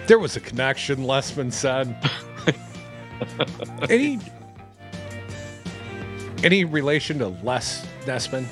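A man's voice: mid-range voice, sing-song, slow, long pauses, over music. A man hosting a radio show, reading news stories and cutting in with sarcastic asides. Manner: sarcastic, wisecracking. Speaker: radio host.

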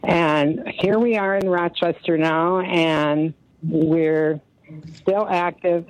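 A woman's voice: on the low side, fairly even intonation, slow, no room sound. A woman in her seventies calling in to a radio show, friendly and rambling. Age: 70s. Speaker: caller. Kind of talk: radio call-in. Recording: muffled phone line.

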